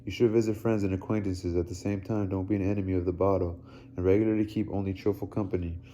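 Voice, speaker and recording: A man's voice: low voice, flat delivery, fast talker, dark tone, slight background noise, natural voice. A man reading as a brusque older doctor. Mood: insistent. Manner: curt, clears throat with "hmm".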